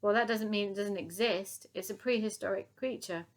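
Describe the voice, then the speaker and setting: A woman voicing a bossy, clever little girl who speaks high and matter-of-fact in a storybook reading. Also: normal speed, close to an everyday voice.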